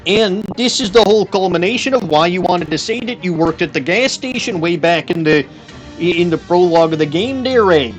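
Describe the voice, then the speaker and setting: A stubborn, boastful Canadian guy, as a man puts him on while streaming a game. His voice sits a little high and swings widely, and he tacks "there, eh?" onto every line in a heavy put-on Canadian accent. Quiet game music plays underneath. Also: expressive, normal speed. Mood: hammy folksy. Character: folksy exaggerated Canadian man, stubborn braggart.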